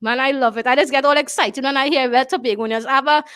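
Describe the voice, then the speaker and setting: High-voiced Trinidadian woman hosting a talk show. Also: steady tone, fast, a bit bright, clear, resonant tone. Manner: emphatic, repeats phrases, asks "you understand?". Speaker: show host.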